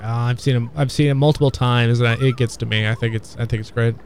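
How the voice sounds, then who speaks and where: A man in casual conversation about old films, talking in a halting, rambling way with many fillers and restarts. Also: mid-range voice, steady tone, a little hiss or hum. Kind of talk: casual film discussion.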